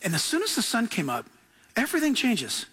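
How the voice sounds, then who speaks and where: A man preaching a sermon as pastor, telling stories with laughing, animated asides. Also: very high voice, fairly quick, slightly rough.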